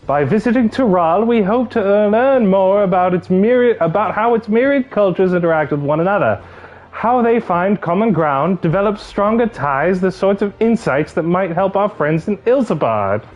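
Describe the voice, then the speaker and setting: A man's voice: sits high, expressive, moderate pace, voice pushed up. A man reading as a composed young woman ally. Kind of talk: voicing game cutscenes on stream. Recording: slightly muffled with game music.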